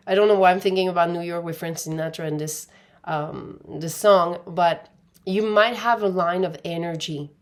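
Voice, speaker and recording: A woman giving an intuitive pick-a-pile tarot reading, speaking in a meandering way and calling her viewers "my dear". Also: lowish voice. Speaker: tarot card reader.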